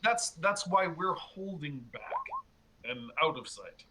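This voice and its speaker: A man narrating a tabletop game as game master, with halting, filler-heavy delivery. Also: fairly high pitch, lively intonation, noisy background.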